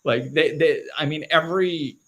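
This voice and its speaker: A man's voice: on the high side, moderate pace, a bit bright. A man hosting a live talk show, speaking in a loose, conversational way, often restarting phrases and acting out other people's reactions. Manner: casual, conversational, repeats words and restarts often, acts out quoted reactions. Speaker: host.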